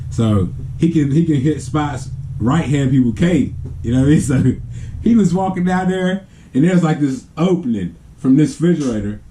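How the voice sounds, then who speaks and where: A vlogger with a medium-pitched voice tells a family story to the camera in a casual, animated way. He laughs often and acts out the sounds.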